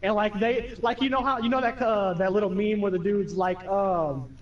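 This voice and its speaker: This high-pitched young man speaks at a moderate pace, swearing his way through animated stories as he plays a game and imitates quoted friends and family. The mic is distant, the audio dull, and there's slight background noise.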